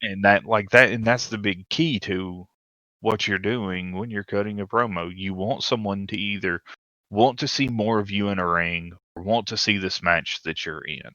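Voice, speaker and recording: A man co-hosting a casual podcast chat, animated and retelling stories at length. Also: fairly low pitch, moderate pace, no room sound, muffled recording. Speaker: podcast co-host.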